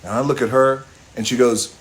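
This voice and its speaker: A middle-aged man from Hawaii telling a long personal story in a relaxed, rambling way on a phone live stream, stopping for toasts and asides. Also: medium pitch, fairly quick.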